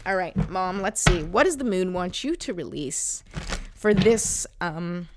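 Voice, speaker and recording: A woman's voice: fairly low pitch, animated, unhurried, noisy background. A woman in her forties giving a spiritual oracle card reading on a live stream, earnest and chatty with many fillers. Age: 40s.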